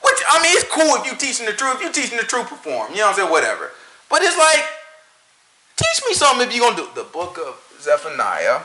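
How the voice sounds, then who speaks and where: A man talking casually about church and preaching, animated and joking, often laughing. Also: sits high, fast, reverberant, low-quality recording. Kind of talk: casual opinion talk.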